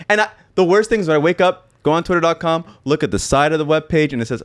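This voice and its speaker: A man's voice: a little high, lively intonation, fast, few pauses, clean tone. A man co-hosting a podcast, chatting in a teasing, mock-dramatic way. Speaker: podcast co-host. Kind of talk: casual comedic chat.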